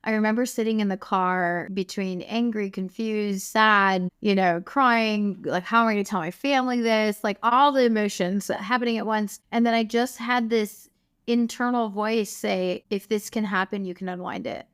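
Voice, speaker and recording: A woman's voice: mid-range voice, steady tone, measured pace, fairly bright tone, smooth. A woman guest telling her personal story in an earnest, passionate way, her voice lifting with emotion. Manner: earnest and passionate, voice rising with feeling. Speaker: guest, wellness clinic founder.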